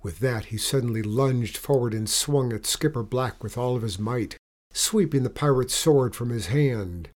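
A man narrating a storybook in an expressive, dramatic reading. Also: mid-range voice, moderate pace.

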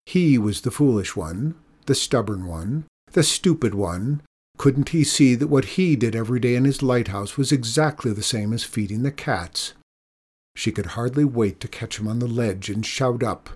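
A man reading a children's story aloud in a measured, expressive way. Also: mid-range voice, breathy edge.

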